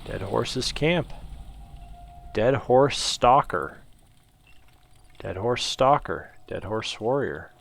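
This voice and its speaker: A man giving relaxed, casual let's-play commentary, musing to himself as he explores. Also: mid-range voice, very slow, vocal fry, long pauses, a little hiss or hum. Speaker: gameplay commentator.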